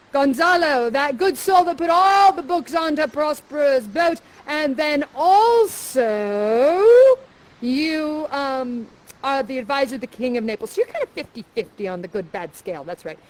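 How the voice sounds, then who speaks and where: A young woman guiding players through interactive live theater, playful and theatrical, coaching them with a steady stream of "that's right.". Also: high voice, measured pace.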